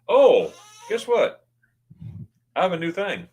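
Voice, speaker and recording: A man's voice: sits high, wildly swooping pitch, measured pace, pauses often, a little mellow. Chatty man hosting a casual livestream. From United States. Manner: chatty, rambling, reads viewer comments aloud. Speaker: livestream host. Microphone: new desk microphone.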